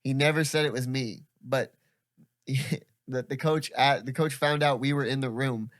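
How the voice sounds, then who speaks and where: A man's voice: medium pitch, steady tone, measured pace, no echo, clean studio sound. A young man hosting a podcast, telling stories in casual chat, rambling with lots of laughs and swearing. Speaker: podcast host.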